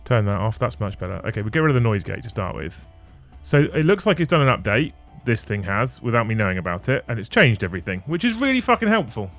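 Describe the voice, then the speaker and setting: A man's voice: on the low side, expressive, quick pace, few pauses, fairly bright tone, faint music behind. A man hosting a livestream, chatting casually and swearing freely as he fixes his audio settings. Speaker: livestream host. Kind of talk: casual stream chat. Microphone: studio mic on a desk mixer.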